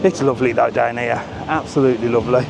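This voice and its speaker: This British man talks fast, his medium-pitched voice fairly even and touched with vocal fry, as he films a live night-time travel vlog along a busy seafront on a small handheld camera. Between cheeky jokes and mild swearing, street music plays in the background.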